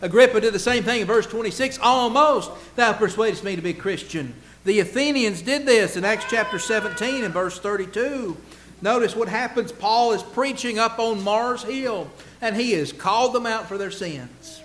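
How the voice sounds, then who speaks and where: Emphatic preacher man, slightly high voice. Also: moderate pace, a little hiss or hum. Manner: emphatic, rhetorical questions, swings between loud and hushed. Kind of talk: sermon.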